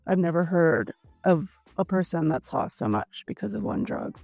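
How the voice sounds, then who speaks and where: A woman's voice: lowish voice, animated, moderate pace, vocal fry, darkish tone, no room sound, faint music behind. Woman podcast cohost recapping a story, chatty, dry close sound. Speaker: podcast co-host. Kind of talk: casual chat.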